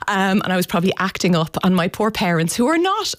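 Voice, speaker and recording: An Irish woman in her forties, a parenting writer, telling lively stories as a guest on a radio chat show. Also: mid-range voice, fast, no echo, studio quality. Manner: animated, anecdotal, laughing storyteller.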